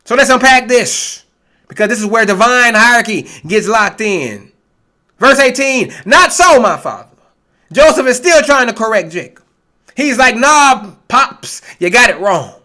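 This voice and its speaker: A man delivers a street-style sermon with a high, bright voice. He is blunt and confrontational, cursing freely and mocking his critics between scripture readings. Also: animated, moderate pace. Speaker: preacher.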